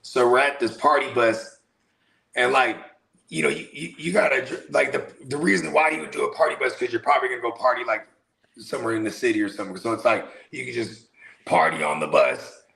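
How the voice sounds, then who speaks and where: A man telling stories in a casual podcast chat, animated and slangy, sometimes breaking into loud shouts. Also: medium pitch, fairly quick, creaky. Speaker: podcast co-host.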